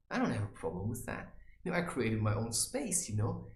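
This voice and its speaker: A man giving advice in a rambling casual monologue, saying "you know" constantly and mocking people in high teasing voices. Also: very animated, normal speed, echoey room. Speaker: vlogger giving life advice.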